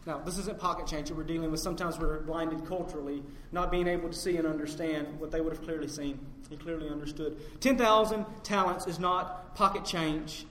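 Emphatic preacher in an echoing hall. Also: male voice, level tone, quick pace, hardly any pauses, slight background noise. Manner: builds to loud emphatic peaks, drops low and quiet on key points. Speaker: pastor. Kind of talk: sermon. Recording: echoey hall with long reverb, faint ambience.

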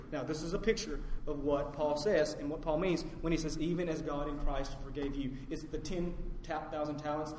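Emphatic preacher in an echoing hall. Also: male voice, slight background noise. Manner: builds to loud emphatic peaks, drops low and quiet on key points. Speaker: pastor. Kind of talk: sermon. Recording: echoey hall with long reverb, faint ambience.

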